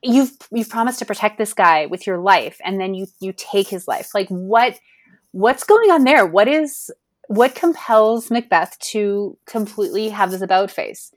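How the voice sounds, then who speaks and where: A woman's voice: medium pitch, normal speed, no echo. Questioning woman in a dry close recording. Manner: questioning, working through ideas aloud. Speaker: podcast co-host. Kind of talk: casual chat.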